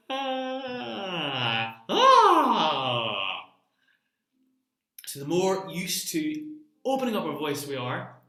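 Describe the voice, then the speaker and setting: Guy teaching singing online, high bright voice, echoey room. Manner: coaching, demonstrating vowels and singing examples.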